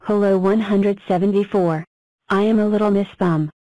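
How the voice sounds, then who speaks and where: Cartoon number block, female voice, mid pitch, dry, even delivery. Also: normal speed, dry recording, dull audio, natural voice. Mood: plain. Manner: flat, even self-introductions. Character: cheerful talking number block.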